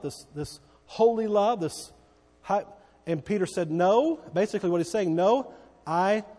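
A man preaching from the pulpit with a slightly raised pitch, stressing and repeating his words. He keeps asking the congregation whether they follow him. His voice rings out with the long reverb of a large church hall. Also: warm tone. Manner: emphatic, repeats key words, checks in with congregation. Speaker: pastor. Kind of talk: sermon.

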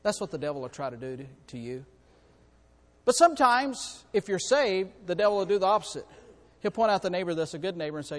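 A male preacher delivering an impassioned, repetitive sermon that swings from quiet to loud. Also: high-pitched, lively intonation, a little fast, long reverb tail.

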